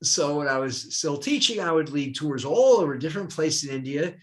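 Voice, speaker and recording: An older man, a retired professor, tells stories from his life in a lively, swooping voice that sits a little high. He slips into the voices of the people he quotes. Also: brisk. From United States. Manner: animated, acts out quoted voices. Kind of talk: storytelling in a dialogue.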